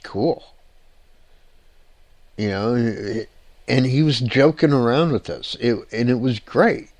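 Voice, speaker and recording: A man hosting a paranormal show, telling ghost-hunting stories in a rambling, excited way with frequent laughs and restarts. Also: medium pitch, slow, no echo. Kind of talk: casual storytelling on a show.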